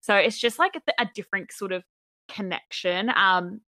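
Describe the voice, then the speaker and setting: A woman from Brisbane with an Australian accent, co-hosting a podcast in relaxed casual chat with many "like" fillers. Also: mid-range voice, moderate pace, no room sound. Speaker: podcast co-host.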